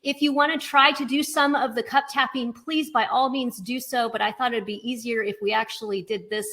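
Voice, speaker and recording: A woman's voice: a little high, steady tone, brisk, fairly bright tone. A woman music teacher giving a webinar lesson, explaining rhythms and counting beats aloud. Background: backing music.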